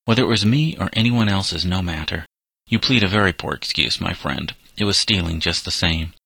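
A man voicing an elderly, humble male florist who speaks gently and forgivingly. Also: deep voice, fairly quick, creaky, husky, no echo, heavily acted, rough recording. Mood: gentle. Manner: gentle, earnest storytelling delivery.

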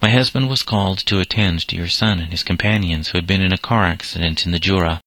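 A man reading the lines of a kind, calm doctor's wife, in a plain read-aloud voice. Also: low voice, fast, no room sound, low-quality recording. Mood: gentle.

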